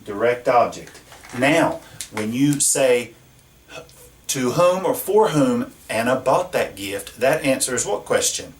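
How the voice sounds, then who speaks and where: A Spanish teacher stands at a classroom whiteboard, patiently explaining grammar and quizzing his students. His medium-pitched voice is expressive and slow, with a faint hiss or hum. A camera across the room captures him, so the sound is distant and echoey.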